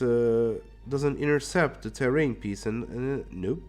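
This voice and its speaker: A man's voice: medium pitch, slow, faint music behind. A Hungarian man chatting casually on a live stream while painting, thinking aloud, muttering to himself and swearing now and then.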